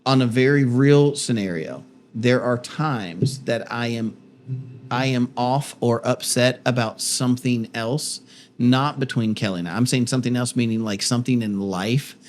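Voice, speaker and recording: A man's voice: medium pitch, normal speed. A middle-aged pastor co-hosting a casual marriage podcast with his wife, telling stories animatedly and interrupting himself playfully. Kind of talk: casual marital chat.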